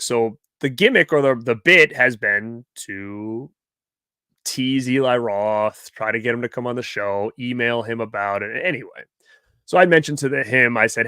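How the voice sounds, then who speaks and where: A man's voice: medium pitch, sharp tone, clean tone, no echo, clean studio sound. A man hosting a live stream, casually telling a rambling story and quoting the people he met. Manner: rambling, chatty, quotes people in his stories. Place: home movie room.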